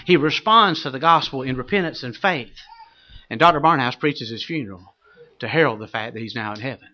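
A pastor preaching a sermon, telling a story with dramatic swings from loud to hushed. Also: male voice, mid-range voice, fairly quick, muffled recording.

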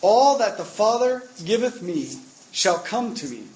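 A man preaching a sermon, emphatic, getting louder on repeated words. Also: high-pitched, sing-song, unhurried, low-quality recording.

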